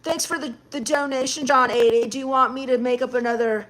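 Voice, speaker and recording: A woman hosting a live stream, reading her chat aloud and answering it with dry sarcasm. Her voice sits high and light. She mocks and snaps back at the messages. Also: fairly even intonation, fairly quick, a bit bright. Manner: sarcastic, mocking.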